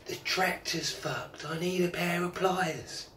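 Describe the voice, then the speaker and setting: A man voicing a frustrated farmer who bellows each word slowly, as if shouting across a field. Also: high voice, fairly even intonation, slight background noise, pitched above the performer's own voice, exaggerated voice. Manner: drawn-out bellowing. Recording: echoey, from far off.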